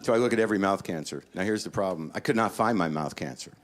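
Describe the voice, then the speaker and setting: A middle-aged man doing a stand-up comedy set, ranting neurotically and jumping into panicked high-pitched voices. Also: fast talker. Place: comedy stage before a laughing audience.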